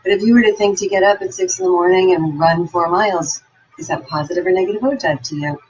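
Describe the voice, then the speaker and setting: A woman's voice: on the low side, quick pace, darkish tone, dull audio, slight background noise. Upbeat woman giving a motivational talk. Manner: upbeat, encouraging storyteller. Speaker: motivational speaker. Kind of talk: motivational talk with personal stories.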